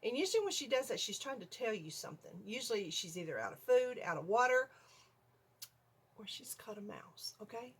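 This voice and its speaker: An older woman vlogger telling a story in a casual, animated way from her home video room, often checking in with "okay?". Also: fairly high pitch, a little fast, husky.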